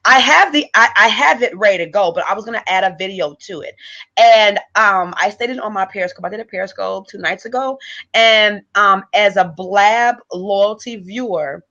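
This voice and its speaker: A woman's voice: medium pitch, normal speed, bright, forceful tone. Eager salesy woman on lo-fi stream. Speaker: host and business coach. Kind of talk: casual live-stream pitch. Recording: dull lo-fi stream audio.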